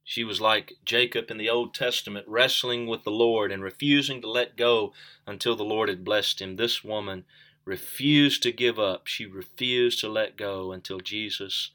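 A man's voice: fairly low pitch, moderate pace, sharp tone. A man preaching a sermon, earnest, asking the listeners questions and repeating key phrases for emphasis.

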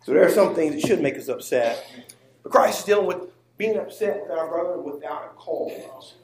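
High-voiced preacher man in an echoing hall. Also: animated, normal speed. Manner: emphatic, swings from quiet asides to near-shouting. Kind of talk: sermon. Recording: roomy echo.

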